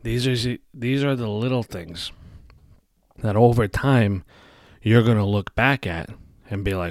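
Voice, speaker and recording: A man's voice: on the low side, a little slow, long pauses, no room sound, clean studio sound. A man hosting a solo podcast, ranting bluntly and emphatically with constant swearing. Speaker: podcast host. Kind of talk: profane solo podcast rant.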